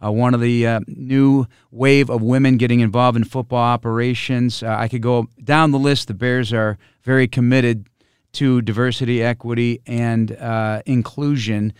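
Man hosting a podcast, very clear voice. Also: mid-range voice, steady tone, no echo, clean studio sound. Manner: measured broadcaster delivery with frequent "uh" fillers. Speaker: sports broadcaster and podcast host. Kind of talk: podcast interview.

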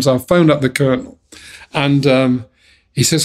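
A man's voice: mid-range voice, moderate pace, pauses often. An older man, a former music manager, telling chatty anecdotes in an interview, with frequent restarts. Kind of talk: storytelling in an interview.

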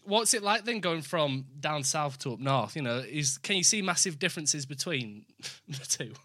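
A young adult podcast host from the West Midlands, with an accent mixing West Midlands and Yorkshire, chatting quickly and self-deprecatingly. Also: mid-range voice, lively intonation, sharp tone, no room sound. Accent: West Midlands mixed with Yorkshire. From West Midlands, England. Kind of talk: casual chat.

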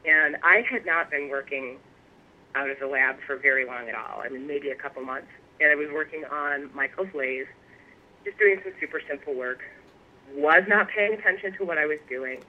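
A woman guest telling stories in a casual interview, animated and laughing often. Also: low voice, normal speed. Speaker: guest, pipe maker. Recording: tinny phone line.

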